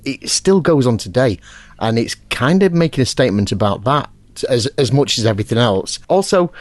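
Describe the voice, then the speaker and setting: A man co-hosting a film podcast, enthusiastic and quick to laugh. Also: medium pitch, no room sound. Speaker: podcast co-host. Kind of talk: casual film review chat.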